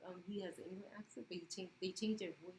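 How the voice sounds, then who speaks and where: A woman's voice: medium pitch, fairly even intonation, fast, echoey room, a little hiss or hum, poor audio. A woman reacting to a video in casual chat, talking hesitantly and asking lots of questions. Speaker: co-host reacting.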